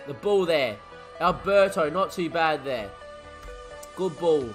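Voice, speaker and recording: A man commentating his football video game as a streamer, muttering one moment and shouting the next. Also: a little high, slow, soft background music. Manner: excitable, swings from muttering to shouting. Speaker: gaming streamer.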